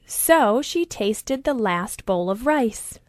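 A woman reading a children's story aloud, slowly and deliberately. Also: fairly high pitch, animated, dry recording, studio quality.

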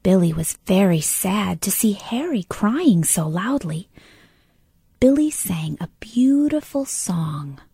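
Slow, half-whispered woman reading a story. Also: medium pitch, sing-song, dark tone, slightly rough. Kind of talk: soft bedtime story reading.

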